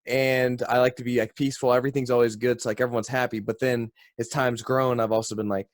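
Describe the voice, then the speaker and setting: A man's voice: mid-range voice, little pitch movement, quick pace, no room sound, studio quality. A man hosting a casual interview podcast, laid-back, dropping like and dude into his speech. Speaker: podcast host.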